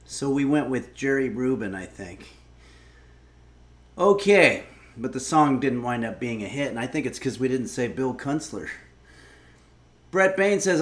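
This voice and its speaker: Man, cooking stream host, casual livestream chat, rambling, wry, mid-pitched voice. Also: very animated, measured pace, a bit bright. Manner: rambling, wry, swears when irritated.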